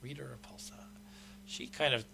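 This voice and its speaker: A man's voice: medium pitch, fairly even intonation, moderate pace, creaky, sharp tone, a little hiss or hum. A middle-aged man hosting a game stream, patiently explaining the rules in casual commentary.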